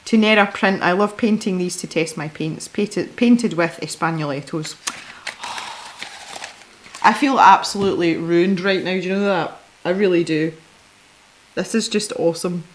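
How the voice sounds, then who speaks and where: A woman hosting a casual unboxing video, chatty and excitable, giggling often as she opens parcels of art supplies. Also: lowish voice, normal speed, a little hiss or hum. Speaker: art supply channel host.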